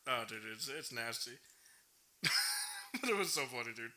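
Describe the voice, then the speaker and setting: A man's voice: medium pitch, animated, moderate pace, sharp tone. A young man co-hosting a casual podcast chat, giggling often and saying "dude" and "bro". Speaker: podcast co-host. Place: podcast studio.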